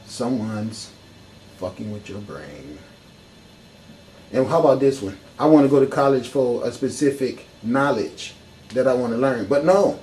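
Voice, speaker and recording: A man's voice: medium pitch, animated, a little slow, a little mellow, a little hiss or hum, rough recording. A man giving an impassioned, profane talk full of rhetorical questions. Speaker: speaker in a discussion.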